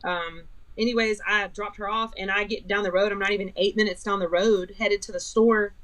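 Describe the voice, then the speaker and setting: A woman's voice: medium pitch, steady tone, brisk, fairly bright tone, low-quality recording. A middle-aged woman vlogger telling a personal story in a rambling way, full of fillers and retold dialogue.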